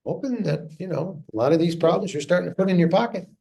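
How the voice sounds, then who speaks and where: A man's voice: high-pitched, fast, gravelly, mellow. Man teaching math in an echoey room. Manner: thinking aloud, chatty and self-talking while solving. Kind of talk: recorded classroom lecture working problems. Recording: echoey room, mic far off.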